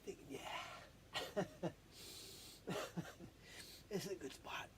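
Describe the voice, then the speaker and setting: In a noisy setting, a medium-pitched speaker records their own rambling monologue. They keep stopping short, laughing and pausing to get their breath back.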